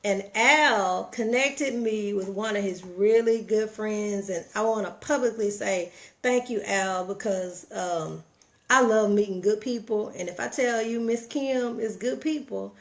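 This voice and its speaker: A middle-aged woman giving a folksy, preachy motivational talk with animated storytelling. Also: mid-range voice, measured pace. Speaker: motivational vlogger.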